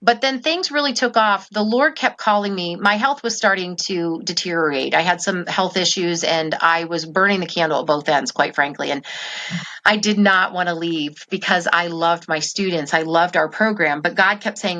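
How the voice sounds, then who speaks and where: A woman's voice: fairly low pitch, moderate pace, bright, forceful tone. A middle-aged woman telling her story as an interview guest, earnest and heartfelt, with frequent ums. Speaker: guest, parent advocate.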